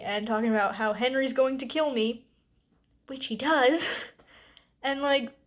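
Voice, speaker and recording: Weary sarcastic woman vlogging. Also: fairly high pitch. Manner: sarcastic, exasperated; chatty with many "like" fillers. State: tired. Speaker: book club host. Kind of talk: casual vlog book review.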